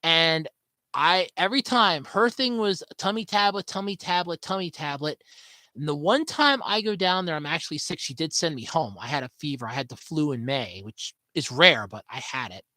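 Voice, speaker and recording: A woman's voice: low voice, expressive, normal speed, bright, forceful tone, no room sound, poor audio. A woman hosting a solo podcast from home, telling a story in a chatty, sarcastic way. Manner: chatty and sarcastic, with swooping emphasis. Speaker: podcast host.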